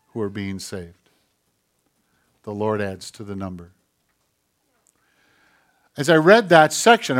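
A man preaching a sermon, telling a story in a relaxed, conversational way with asides to the congregation. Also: medium pitch. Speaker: pastor.

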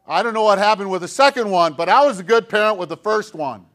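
A man's voice: high voice, expressive, fast, a bit bright. A middle-aged man preaching a sermon as pastor, in a conversational, self-deprecating way full of rhetorical questions.

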